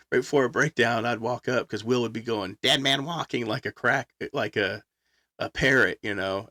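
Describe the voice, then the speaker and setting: Middle-aged man, casual storyteller, lively quoting, dry close sound. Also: medium pitch, no room sound. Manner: animated, acts out quotes, laughs often. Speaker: guest musician.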